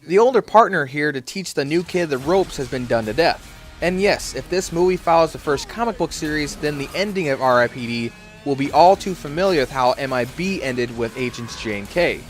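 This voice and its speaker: A man reads his film review from a script, his voice a little higher than most. He stays wry and sarcastic throughout, with an ironic lift on his jabs. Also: expressive, a little fast, soft background music.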